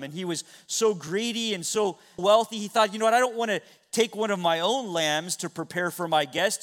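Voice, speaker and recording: Man pastor with a high voice, dramatic storyteller, sermon delivery. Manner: dramatic storytelling with sudden loud and soft swings.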